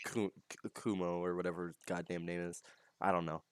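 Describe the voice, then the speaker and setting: A man's voice: deep voice, flat delivery, a little fast, smooth, no echo, clean studio sound. A young man from Texas, co-hosting a casual podcast chat in a rambling, jokey, self-interrupting way. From Texas, USA. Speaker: podcast co-host.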